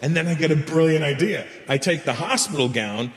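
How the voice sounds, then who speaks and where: A man's voice: on the high side, expressive, brisk. A man doing a stand-up comedy set, telling a crude story and acting out both sides of the dialogue. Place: large live venue with laughing audience. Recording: roomy echoing hall, faint ambience.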